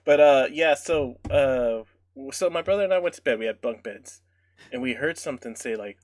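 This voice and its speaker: A man's voice: medium pitch, moderate pace, no room sound. A man co-hosting a casual podcast, telling ghost stories with lots of laughter. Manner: animated storytelling, laughs often. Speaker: podcast co-host.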